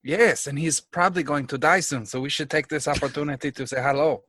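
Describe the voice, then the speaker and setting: A man's voice: fairly high pitch, brisk, a bit bright, dry recording. A man playing in a tabletop role-playing game, cracking jokes and laughing often as he describes what his character does. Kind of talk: casual in-character play.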